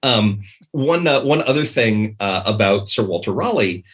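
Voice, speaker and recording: A man's voice: lowish voice, animated, normal speed, a bit bright. A man guest on a podcast, chatting casually and rambling, with many ums and restarts. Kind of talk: casual chat.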